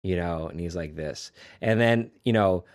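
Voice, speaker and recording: Male film-chat co-host, animated, growls quoted lines. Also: normal speed. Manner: acts out movie lines in low growls, animated. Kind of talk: casual film discussion.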